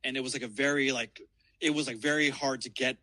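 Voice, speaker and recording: A man's voice: medium pitch, fairly even intonation, fast talker, sharp tone, no echo, rough recording. Rambling, profane man telling a story. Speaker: caller. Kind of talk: casual storytelling. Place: outdoors in a city downtown.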